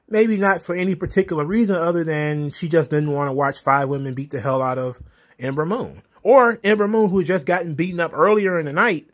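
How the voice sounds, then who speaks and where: A young man with a slightly high voice rants through a casual recap of a wrestling show. He sounds exasperated and keeps hammering his points home by repeating them. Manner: exasperated, ranting, repetitive emphasis.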